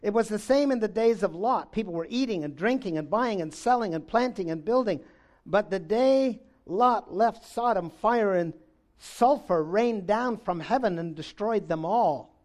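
A man preaching a sermon, reading scripture aloud and swinging between loud exclamations and low, intense stretches. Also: expressive, normal speed.

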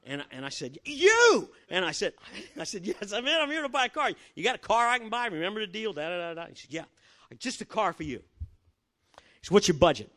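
A man's voice: high-pitched, sing-song, fast talker, pushed and bright. An older man preaching, telling a personal story with acted-out dialogue and chuckles. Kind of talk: sermon with personal testimony story.

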